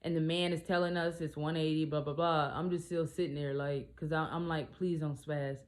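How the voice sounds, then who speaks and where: A woman and single mom telling a story in a casual vlog, animated and blunt, swearing freely. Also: sits low, a little fast.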